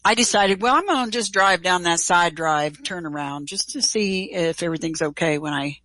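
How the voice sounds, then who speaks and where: A middle-aged woman telling a personal story in an interview, animated and casual, acting out quoted dialogue. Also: on the low side, moderate pace, no echo, low-quality recording. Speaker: guest.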